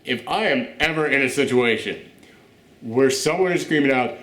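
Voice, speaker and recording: A man co-hosting a casual horror film review, animated and profane, acting out quotes in mocking voices. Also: medium pitch, a little fast, echoey room. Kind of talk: casual reaction chat.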